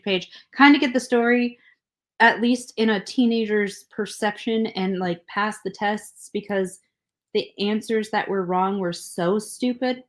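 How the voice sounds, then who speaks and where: A young adult woman co-hosting a podcast talks a little slowly in a mid-range voice. Chatty and blunt, she swears and laughs through her stories in a casual conversation.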